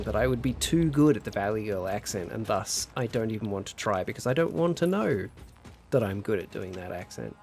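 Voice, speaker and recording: A young man chatting casually while streaming a game, telling stories and reading chat aloud. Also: lowish voice. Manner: chatty, animated storyteller, reads chat aloud.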